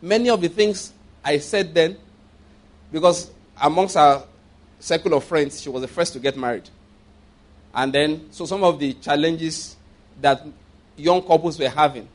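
Man, preacher, slightly high pitch, sermon storytelling, repeats phrases, laughs while talking, rhetorical questions. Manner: asks the audience rhetorical questions.

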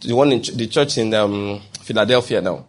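A man preaching a sermon as pastor, animated, acting out quoted voices and checking in with the congregation. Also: on the low side, fairly quick.

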